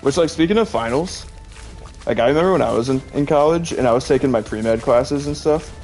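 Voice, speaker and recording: Rambling young man with a gravelly voice. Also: mid-range voice, a little fast, a little mellow, faint music behind. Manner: rambling, heavy use of "like", chatty storytelling. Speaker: streamer. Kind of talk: casual chat.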